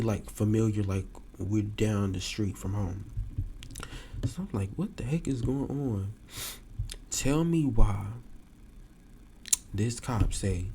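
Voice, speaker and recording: A young man talking on a live-streamed podcast, his voice low and mellow. He tells a story in a loose, animated way and leaps up in pitch whenever he acts out a quote. Faint room hum sits behind him. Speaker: podcast host. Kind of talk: casual storytelling to a live audience.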